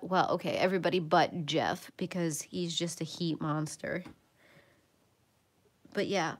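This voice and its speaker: A woman hosting a casual livestream from home while she colors. She chats along and sometimes drops into soft murmurs as she works. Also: fairly low pitch, fairly even intonation, unhurried, pauses often, husky. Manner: chatty, drifts into soft murmurs while working. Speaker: livestream host.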